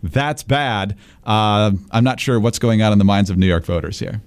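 A man co-hosting a political podcast, wry and steady, also reading the sponsor ads smoothly. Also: on the low side, moderate pace. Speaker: co-host. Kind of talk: political podcast commentary and ad read.

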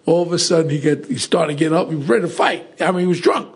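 Gravelly older New man. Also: on the high side, quick pace. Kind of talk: casual storytelling.

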